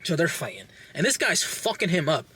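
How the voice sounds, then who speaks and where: Animated, swearing man recapping a movie. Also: fairly high pitch, a little fast, breathy edge. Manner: animated, profane, acts out characters' lines. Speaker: podcast host reviewing a movie.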